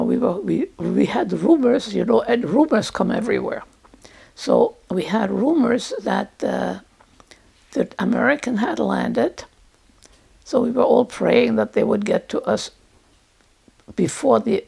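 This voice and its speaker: A woman in her eighties telling her own life story as personal testimony, speaking in a halting, reflective way with pauses and restarts. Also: fairly high pitch, creaky, dark tone, breathy edge, low-quality recording. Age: 80s. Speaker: Holocaust survivor recounting her experience.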